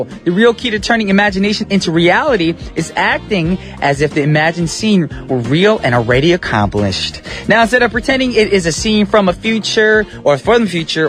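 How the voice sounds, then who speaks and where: A man's voice: sits high, fairly bright tone. Upbeat, slangy male radio DJ. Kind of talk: radio show hosting. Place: radio studio. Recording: radio broadcast with faint music beds.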